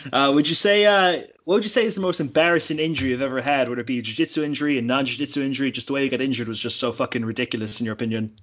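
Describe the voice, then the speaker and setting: A man's voice: mid-range voice, fairly even intonation, quick pace, fairly bright tone. Joking, swearing young Irish man. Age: 20s. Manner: joking, profane, laughs a lot. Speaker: podcast host. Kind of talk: casual podcast chat.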